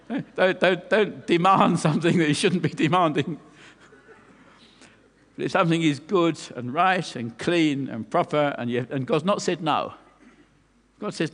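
A man's voice: fairly high pitch, measured pace. A man preaching a sermon earnestly, often repeating words as he goes. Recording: long hall reverb.

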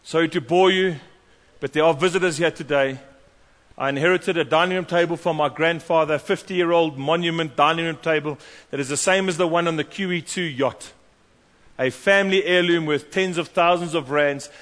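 A man preaching a sermon, animated and storytelling, acting out the voices of the people in his stories. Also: on the high side, brisk. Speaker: pastor. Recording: long hall reverb.

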